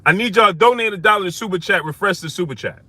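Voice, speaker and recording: A man hosting a live stream calls out viewers by name and repeats phrases for emphasis while building into heated outrage. His voice is high-pitched and fast, with no echo.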